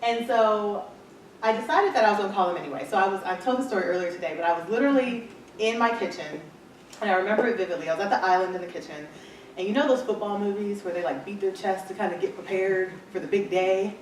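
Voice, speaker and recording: A woman's voice: mid-range voice, fast talker. A woman speaker telling her business story to an audience, acting out quoted dialogue as she goes. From Michigan, USA. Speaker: entrepreneur speaker. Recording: echoey hall, far from mic, faint noise.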